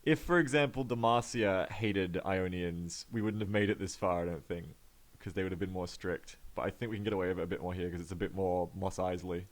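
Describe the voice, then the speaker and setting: Man, tabletop player, casual, joking, low voice. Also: a little fast, few pauses. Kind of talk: casual chat at a game table.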